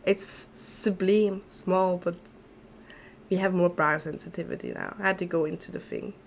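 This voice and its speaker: A woman's voice: lowish voice, fairly even intonation, moderate pace, slight background noise. A woman streaming a game, chatting casually and giggling often between asides. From not Australia. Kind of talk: casual gameplay chat, reading game lines aloud.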